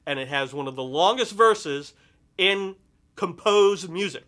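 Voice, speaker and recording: A man's voice: high-pitched, lively intonation, measured pace, a bit bright, a little hiss or hum. A middle-aged man hosting a show, chatting enthusiastically as he introduces a dedication and thanks friends and sponsors. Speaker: host and vocalist. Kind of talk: casual show talk with a sung dedication.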